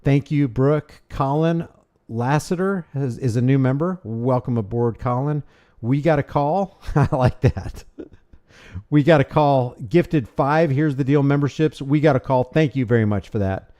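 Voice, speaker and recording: A man hosts a casual livestream and reads his viewers' messages aloud. His voice sits in the middle range with a mellow, dark tone. He rambles and restarts sentences as he thanks people by name. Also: mid-range voice, unhurried. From United States. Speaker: livestream host. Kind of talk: casual livestream chat reading super chats.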